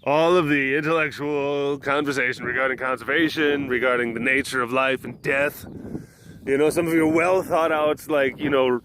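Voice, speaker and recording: A man's voice: medium pitch, steady tone, moderate pace, fairly bright tone, a little hiss or hum. A man vlogging casually outdoors by animal enclosures, rambling and joking with plenty of fillers. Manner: rambling, jokey, loose with fillers. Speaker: vlogger at a big cat sanctuary. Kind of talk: casual outdoor webcast chat. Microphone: handheld or camera microphone catching wind.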